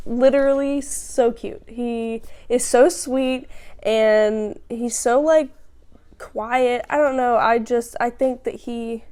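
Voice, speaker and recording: Chatty woman with a smooth, higher voice. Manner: chatty and rambling, with many fillers and restarts. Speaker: book vlogger. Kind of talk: casual book review chat.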